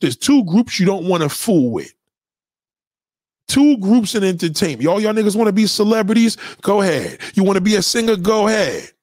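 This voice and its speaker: Very animated yet at normal speed, a man whose voice sits high and a little mellow rants profanely to his followers. He's blunt and heated, and he repeats himself; the audio is studio quality with no echo.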